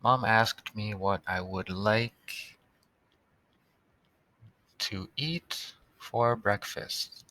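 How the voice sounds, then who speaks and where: A man's voice: on the low side, very slow, pauses often, bright, forceful tone, no room sound. A man teaching a recorded tutorial for young students, patiently sounding out words and spelling them letter by letter.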